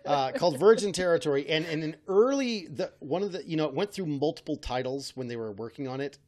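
A man's voice: fairly high pitch, animated, quick pace, a little mellow. A man hosting a casual chat, rambling and correcting himself with a wry tone. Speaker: podcast host.

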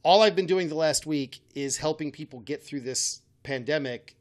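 A man's voice: fairly high pitch, moderate pace. A man hosting a casual chat, rambling and correcting himself with a wry tone. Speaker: podcast host.

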